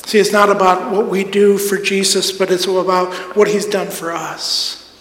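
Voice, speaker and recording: A man's voice: high-pitched, flat delivery, normal speed, fairly bright tone. A man preaching a sermon as pastor, earnest and building to emphatic repeated lines, recorded in a church sanctuary. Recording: echoey hall with long reverb.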